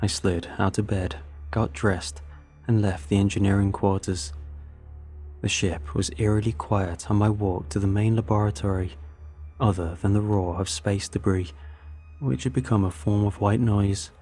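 Male narrator, husky low voice, measured tense storytelling. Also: fairly even intonation, warm tone, faint music behind. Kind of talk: first-person story narration.

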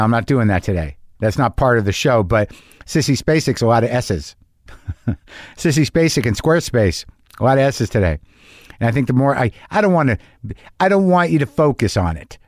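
A middle-aged man hosts his podcast in a casual, rambling monologue that's profane and self-deprecating, with a slight lisp. His voice is medium-pitched, and the studio-quality recording has no room sound.

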